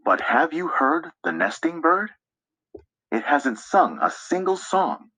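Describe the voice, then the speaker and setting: Sing-song storybook reader, very lively pitch. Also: slow, slightly rough, no room sound. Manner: sing-song, imitates bird calls. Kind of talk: children's picture-book read-aloud.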